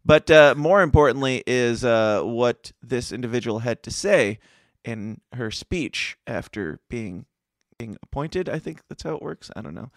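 A man's voice: mid-range voice, animated, a little slow, few pauses, no room sound. Man, podcast co-host, rambling casual talk, hesitant fillers, dry close sound. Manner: rambling, hesitant, laughs often. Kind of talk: casual news commentary chat.

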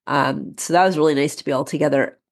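A middle-aged woman co-hosting a podcast while congested with a cold, slightly husky, chatting in a relaxed, rambling way with many fillers. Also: low-pitched, fast talker. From North America. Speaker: podcast co-host. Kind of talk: casual chat.

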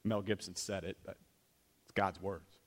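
A man preaching a sermon in a church, animated, swinging between loud emphasis and hushed near-whispers. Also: low voice, normal speed. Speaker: pastor.

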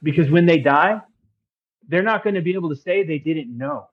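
A man with a fairly high voice tells his faith story on a podcast, earnest and excitable, dropping casual slang. The recording sounds a little dull and lo-fi. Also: normal speed. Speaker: podcast guest. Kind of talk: casual testimony chat.

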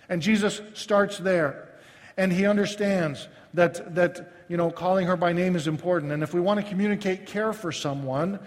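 A male pastor preaching a sermon in a conversational, self-deprecating way, with frequent halting restarts. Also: high voice, in a large hall.

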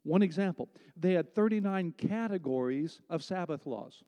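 A pastor preaching a sermon, conversational and emphatic, with rhetorical questions to the congregation. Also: male voice, a little high, lively intonation, measured pace, warm tone, in a large hall, highs cut off.

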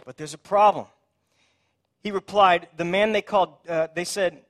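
A man preaching a sermon, telling the scripture story in a conversational, animated way and acting out the people in it. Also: high voice, normal speed, long pauses. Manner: conversational, asks "right?".

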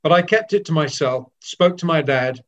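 An older man from Wales telling candid stories of his cricket career, lively and with frequent restarts. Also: on the high side, moderate pace, lo-fi sound. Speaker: former cricketer. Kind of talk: reminiscing storytelling.

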